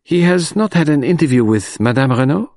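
A man's voice: on the high side, lively intonation, a little fast, a little mellow, voice pushed up. Poirot, a man reading as a precise old detective. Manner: clipped, formal speech with French touches. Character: fastidious elderly male detective, polite and sharp.

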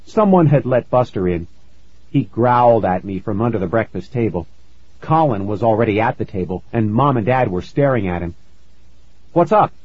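A man narrating a first-person story in a measured storytelling manner, on a dull, lo-fi recording. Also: lowish voice, expressive, breathy edge, no room sound. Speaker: audiobook narrator.

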